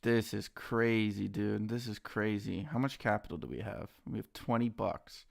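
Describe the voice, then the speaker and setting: A young man casually chatting on a live stream while trading stocks, excitable and slangy, greeting viewers by name. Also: on the low side, normal speed, vocal fry. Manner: excitable, talks to chat and his dogs, says dude a lot.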